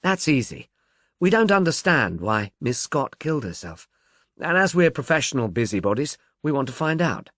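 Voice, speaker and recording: A confiding middle-aged police inspector, as a male narrator reads him talks in an easy, friendly way with a lively rise and fall. The recording is dry and close. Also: medium pitch, moderate pace, no echo.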